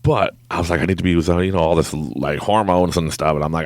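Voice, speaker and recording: A young adult man hosting a podcast, telling a personal story in casual chat, animated and laughing often as he acts out what people said. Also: low voice, brisk, dry recording, studio quality. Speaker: podcast host.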